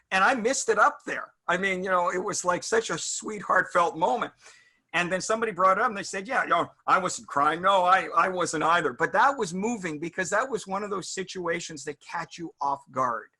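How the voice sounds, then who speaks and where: Man, middle-aged, interview guest, very bright forceful voice, halting reflective storytelling. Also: sits high, lively intonation, husky. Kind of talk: casual interview chat.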